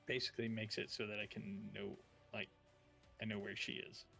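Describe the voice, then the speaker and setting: A somewhat low man with a gravelly, bright edge talks through his moves in a tabletop game. He rambles playfully, full of likes and uhs. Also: flat delivery, soft background music. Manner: rambling, playful, slips into quick in-character lines. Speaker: player. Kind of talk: casual tabletop game play.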